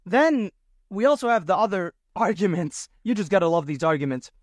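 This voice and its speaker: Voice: medium pitch, expressive, a little fast, dry recording, clean studio sound. A podcast host delivering a solo commentary monologue, indignant and sarcastic, firing off rhetorical questions. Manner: sarcastic mockery.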